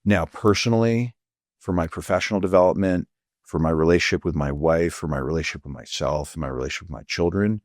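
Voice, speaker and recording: A middle-aged physician with a very low voice reflects earnestly during an interview conversation, pausing often, using many fillers, and hunting for the right words. His tone can become quietly emotional, and he sounds close to the mic in a dry, dead room without echo.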